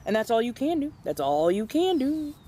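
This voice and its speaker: A woman's voice: fairly high pitch, moderate pace. A young woman chatting casually with followers while doing her makeup, telling stories in a blunt, profane way and acting out the people she talks about. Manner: animated, acts out other people in quoted voices.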